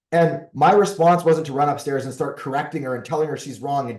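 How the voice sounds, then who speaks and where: Warm-voiced man giving earnest relationship advice. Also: mid-range voice, fast, echoey room. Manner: earnest, explanatory, often ends points with "right?". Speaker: podcast guest, relationship coach. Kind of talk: conversational advice monologue.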